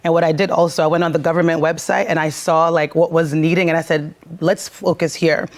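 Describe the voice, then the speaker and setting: A Jamaican woman speaking earnestly as a guest on a morning TV interview, telling her story at a brisk clip. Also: sits low, flat delivery. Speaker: guest, charity founder.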